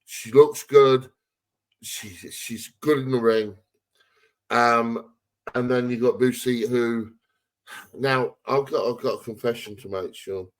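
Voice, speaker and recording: A man co-hosting a wrestling podcast in casual chat. He gives blunt, opinionated takes, laughs often and restarts his sentences. His voice sits at an ordinary middle pitch. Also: steady tone, slow pace, long pauses. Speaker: podcast co-host.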